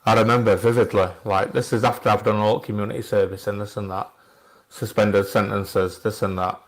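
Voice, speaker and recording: A man with a lowish voice, chatting casually on a podcast. He talks in a halting, reflective way and often restarts his sentences. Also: little pitch movement. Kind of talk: casual chat.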